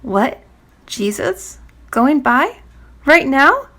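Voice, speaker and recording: A woman voicing a poor, desperate blind male beggar who cries out his words in a high, pleading voice. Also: big pitch swings, extremely slow, bright, forceful tone, full character voice. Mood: astonished.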